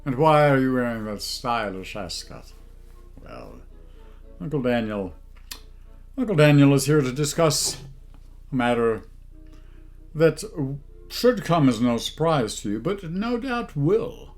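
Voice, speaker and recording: A man's voice: medium pitch, very animated, unhurried, pauses often, faint music behind. Haughty man in a mock-posh voice. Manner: haughty, condescending put-on posh voice. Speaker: comedy channel host. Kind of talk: mock-pompous comedic monologue.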